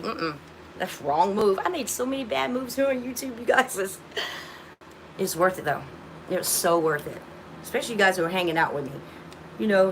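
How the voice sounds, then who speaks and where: A woman's voice: on the high side, a bit bright, a little hiss or hum. Rambling woman chatting on a phone livestream. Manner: rambling, many restarts, talks to viewers as y'all. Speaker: livestream host. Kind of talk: casual livestream chat.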